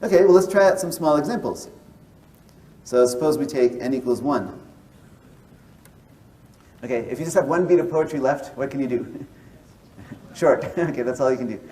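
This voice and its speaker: A man's voice: mid-range voice, expressive, moderate pace, long pauses, warm tone, recorded from a distance, poor audio. Man explaining math, heard from afar. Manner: explains step by step, checks in with "right?". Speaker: mathematician. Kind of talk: explanatory lecture and interview.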